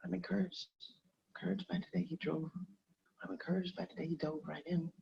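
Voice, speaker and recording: A man rehearsing script lines aloud, repeating each line in a gentle counseling tone. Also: on the high side, little pitch movement, fairly quick, gravelly, slightly rough. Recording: dull lo-fi recording, faint background noise.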